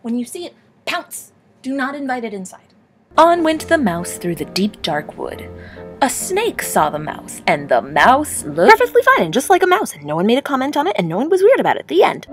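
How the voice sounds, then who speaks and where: A woman's voice: high voice, normal speed. A young woman hosting a comedic storybook reading, mixing narration with sarcastic asides. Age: young adult. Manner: playful, sarcastic, animated asides. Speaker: host and reader. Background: background music.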